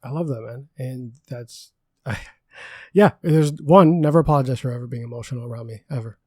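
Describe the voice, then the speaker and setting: A man's voice: mid-range voice, brisk, darkish tone, slightly rough, no echo, clean studio sound. A man hosting a casual podcast, upbeat and encouraging, laughing often. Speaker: podcast host.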